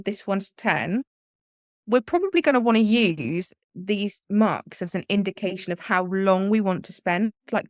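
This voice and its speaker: A woman's voice: mid-range voice, no echo, studio quality. A woman, a language teacher, explaining exam tips in a live webinar, talking things through with restarts and examples.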